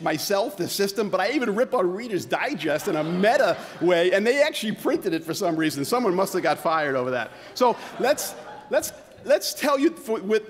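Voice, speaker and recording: A man's voice: sits high, sing-song, normal speed. A man giving a comedic keynote talk as a physician, with a sarcastic, punchy delivery, laughter from the audience now and then. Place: conference hall. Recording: long hall reverb.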